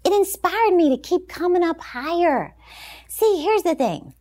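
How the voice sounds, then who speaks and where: A woman with a high, bright-toned voice gives an inspirational talk as a Christian motivational speaker. She talks in an emphatic, animated way, often breaking into laughter. Her delivery stays lively and encouraging. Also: unhurried.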